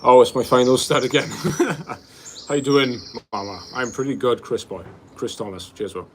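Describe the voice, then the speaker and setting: This livestream host is a man from Wales in his twenties, chatting casually and rambling as he responds to viewers' questions, with plenty of "bro," "um," and "like." He speaks at a normal speed in a medium pitch. A little hiss or hum sits under the recording.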